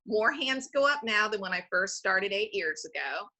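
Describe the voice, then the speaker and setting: Bright-voiced woman explaining her foundation's work. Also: mid-range voice, lively intonation, normal speed. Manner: explanatory, often checks in with "right?". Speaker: foundation president and CEO, podcast guest. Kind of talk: conversational interview.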